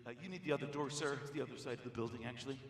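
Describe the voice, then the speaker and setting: A man's voice: medium pitch, very fast, distant mic, voice pushed down, lightly acted. A man doing a curt embassy guard. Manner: curt, officious. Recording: echoey hall, audience noise.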